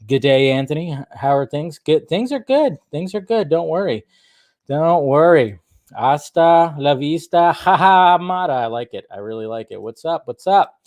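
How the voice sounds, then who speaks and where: Speaking at a moderate pace, a young man with a fairly high, slightly mellow voice runs a casual live stream, greeting viewers by name and chatting. There's a slight throaty cough, and his desk microphone picks him up with no echo.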